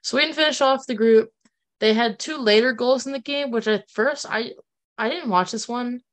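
A woman's voice: on the high side, normal speed. Chatty woman discussing soccer. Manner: chatty, laughing, many fillers and restarts. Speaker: podcast co-host. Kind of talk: casual sports chat.

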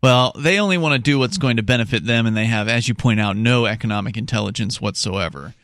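A man's voice: medium pitch, fast talker, a bit bright, no room sound, studio quality. A man co-hosting a talk show in casual chat, explaining step by step and reading news passages aloud with small restarts. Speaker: podcast co-host.

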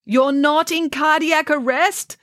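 Bossy young male doctor, voiced by a woman in a storybook read-aloud: high, barking, commanding. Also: fairly even intonation, slow, fairly bright tone, no echo, studio quality. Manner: barking orders. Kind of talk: storybook reading.

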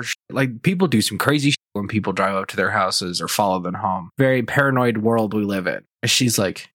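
A man's voice: fairly low pitch, fairly quick, few pauses, no room sound, clean studio sound. Blunt, foul-mouthed young male podcaster. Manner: profane, animated, blunt. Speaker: podcast host. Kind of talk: casual storytelling rant.

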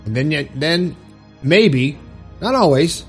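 Guy coaching ppl on standing up for themselves, kinda high voice, soft music under it. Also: animated, slow pace. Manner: earnest, coaching, checks in with "okay?". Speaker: self-help video host. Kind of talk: motivational advice talk.

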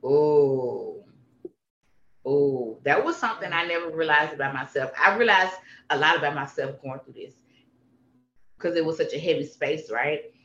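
Bright, emphatic guest in a roomy room. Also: medium pitch, normal speed, pauses often. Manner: emphatic and animated, repeats phrases for punch. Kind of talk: candid personal conversation. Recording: roomy, slightly dull sound.

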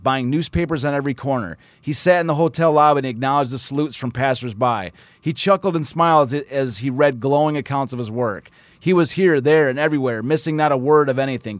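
A man's voice: medium pitch, no room sound. A man hosting a casual talk, telling sports history stories with animation and reading old articles aloud. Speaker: podcast host and filmmaker. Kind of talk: casual chat.

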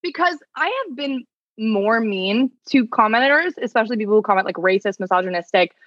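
A woman's voice: on the high side, fairly quick, dry recording. A young adult woman talks through a story in casual podcast chat, slipping into quoted voices and stacking "like" between phrases. Her mid-range voice sits close on a dry mic that sounds a touch dull. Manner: animated storytelling, heavy use of "like", quoting people. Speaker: attorney and content creator, guest.

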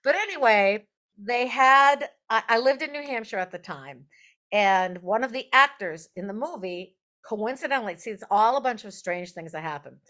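A woman songwriter and performer, a guest on an interview show, telling stories in a chatty, animated way and laughing as she goes. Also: fairly high pitch, normal speed. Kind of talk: casual interview storytelling.

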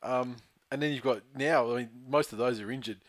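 A man's voice: medium pitch, a little fast, dry recording. Blunt sweary man. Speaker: podcast co-host. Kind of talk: casual sports chat.

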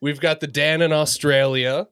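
A young man co-hosting a casual family podcast, joking and quick to laugh. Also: a little high, steady tone, a bit bright, clear, resonant tone, no echo, studio quality. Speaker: podcast co-host.

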